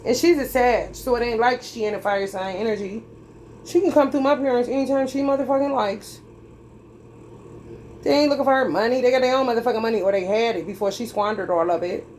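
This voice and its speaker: Speaking a little fast in a slightly high, darkish voice, the woman is heard over slight background noise. As a tarot reader, she lectures her viewers straight to their faces in a heated, swearing rant, drawn out and forceful.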